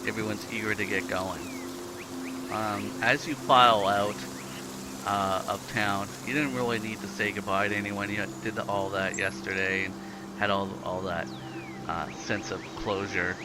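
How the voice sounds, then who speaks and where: A man's voice: lowish voice, steady tone, a little slow, loud music behind the voice. A man narrating a tabletop game as game master in a laid-back way, with many fillers. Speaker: dungeon master. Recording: loud background noise.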